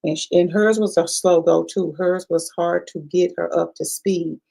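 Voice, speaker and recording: A woman's voice: on the low side, fairly even intonation, normal speed, creaky, dark tone, poor audio. A woman practitioner giving a chatty, profane review of a past life regression session to her viewers, repeating herself and calling them y'all. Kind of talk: casual livestream review talk.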